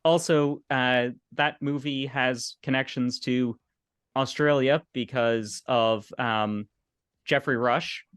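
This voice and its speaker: Relaxed male podcast host. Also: mid-range voice, takes it slowly, clean tone, no room sound, studio quality. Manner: relaxed, sharing fun facts. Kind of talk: casual chat.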